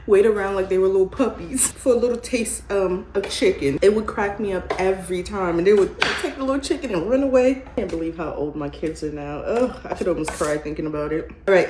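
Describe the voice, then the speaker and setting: Middle-aged woman, homey cooking vlogger, easy chatter in a roomy kitchen with clattering noise behind. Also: medium pitch. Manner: chatty, homey, laughs often, says "y'all" and "child". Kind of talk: casual cooking tutorial. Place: home kitchen. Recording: roomy kitchen echo, clear background noise.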